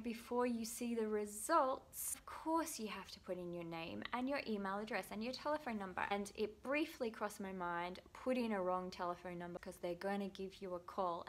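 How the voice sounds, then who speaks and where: Self-mocking woman telling stories. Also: mid-range voice. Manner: self-deprecating storytelling, lively, acts out quotes. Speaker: vlogger. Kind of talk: casual chat to camera.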